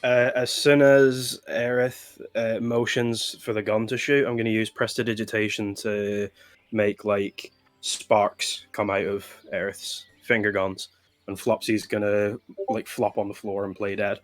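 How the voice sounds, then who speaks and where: A man's voice: lowish voice, level tone, measured pace. Hesitant man narrating his turn. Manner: hesitant, filler-heavy. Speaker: player. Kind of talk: tabletop game play.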